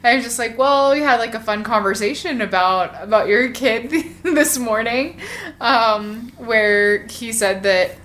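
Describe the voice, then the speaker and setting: A woman in her thirties chatting casually, playful and quick to laugh. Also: a little high, fairly bright tone. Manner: giggly, playful, laughs often. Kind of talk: casual chat.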